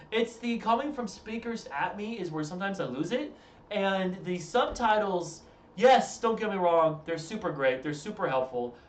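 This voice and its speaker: A man's voice: sits high, a little hiss or hum. A tired young man streaming from home, chatting casually with his audience in a rambling, self-interrupting way. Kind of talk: casual live-stream chat. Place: room at home. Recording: roomy echo, from a distance.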